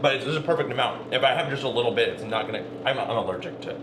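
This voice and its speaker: A man's voice: medium pitch, very fast, reverberant, noisy background. A man chatting casually as a guest in a home kitchen, easygoing and appreciative as he tastes the food. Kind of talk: casual chat.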